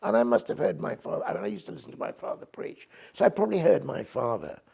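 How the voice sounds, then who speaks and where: An older English man, a poet and priest, talking through the craft of his poems in an interview and dropping low to recite verse. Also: very animated, fast, gravelly, slightly rough. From England. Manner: enthusiastic, nerdy about poetic meter, drops to soft low recitation for verse.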